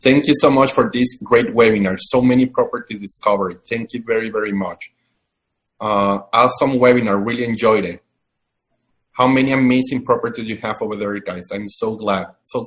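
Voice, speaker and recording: A man's voice: mid-range voice, normal speed, fairly bright tone. Effusive man hosting a webinar. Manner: enthusiastic, effusive praise with restarts. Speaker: webinar host. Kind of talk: live webinar moderation.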